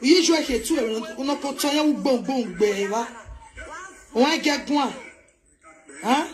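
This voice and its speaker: A woman with a Nigerian Pidgin accent hosting a live commentary, talking in an animated, scolding way and mixing English with local languages. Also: sits high, moderate pace, pauses often, faint music behind. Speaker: host. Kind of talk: live commentary on online drama.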